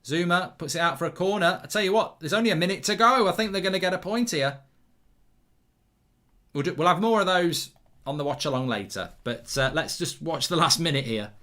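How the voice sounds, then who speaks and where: A middle-aged man hosts a live football watchalong, chatting loosely, reacting to the match in real time and reading out viewer comments. His voice is on the high side, brisk and sharp.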